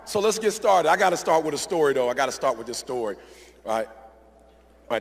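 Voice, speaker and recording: A man's voice: medium pitch, very animated, normal speed, vocal fry, long pauses. A man giving a motivational speech to a live audience in an event hall, emphatic and repetitive, often checking in with the crowd. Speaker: motivational speaker. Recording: echoey large hall.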